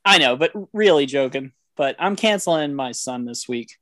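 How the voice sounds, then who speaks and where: A man's voice: medium pitch, expressive, moderate pace, a bit bright, no room sound. A man in his thirties on a podcast, telling funny family stories with laughter and casual swearing. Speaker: podcast co-host.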